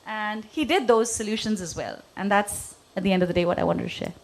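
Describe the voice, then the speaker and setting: Expressive woman, mid-range voice, storytelling at a workshop with lots of fillers. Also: medium pitch, fairly quick, gravelly, noisy background. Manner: expressive, frequent "you know" fillers. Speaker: workshop participant. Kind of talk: animated personal storytelling. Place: workshop room.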